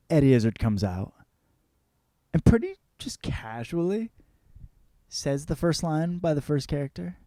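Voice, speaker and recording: A man's voice: on the high side, dark tone, no room sound. A young man hosting a show, telling a rambling, profane story in a casual comedic monologue. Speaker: host.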